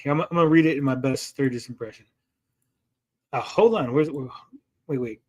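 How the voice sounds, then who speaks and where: A man's voice: medium pitch, moderate pace, long pauses. A male podcast host in casual livestream chat, profane and mocking as he rants.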